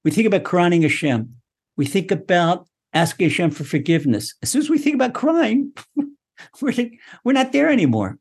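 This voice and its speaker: A man giving a Torah lesson in an animated, repetitive way, acting out prayers and laughing often. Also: high-pitched, normal speed, slightly rough. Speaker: Torah teacher.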